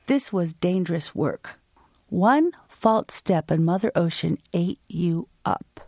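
A woman's voice: on the low side, breathy edge, dry recording, clean studio sound. A woman from the United States telling a vivid personal story and answering interview questions, acting out the quotes. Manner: slow, vivid, expressive delivery with acted-out quotes.

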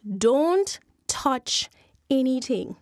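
A woman's voice: high voice, very animated, extremely slow, no room sound, studio quality, full character voice. A woman playing a stingy farmer. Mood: boastful. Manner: scheming, boastful. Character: cheap greedy scheming island man.

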